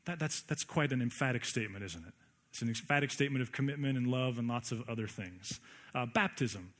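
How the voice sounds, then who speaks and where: A man's voice: medium pitch, lively intonation, fairly quick, a bit bright. A male pastor preaching a conversational sermon, full of rhetorical questions and emphatic repetition.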